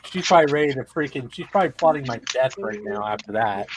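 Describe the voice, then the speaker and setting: A man's voice: medium pitch, expressive, fast, background noise. A man chatting on a group video call, teasing the others in a dry way. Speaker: cat owner on a group stream. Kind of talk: casual chat.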